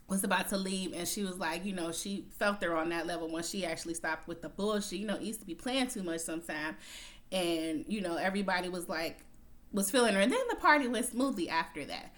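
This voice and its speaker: A woman's voice: medium pitch, a bit bright. A woman casually recapping a TV episode in a chatty, slangy way, often laughing as she tells it. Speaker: TV recap vlogger.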